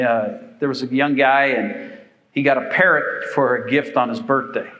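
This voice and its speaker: A man's voice: medium pitch, normal speed, pushed and bright, poor audio. Older male pastor, folksy rambling sermon delivery. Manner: folksy, rambling, with frequent fillers.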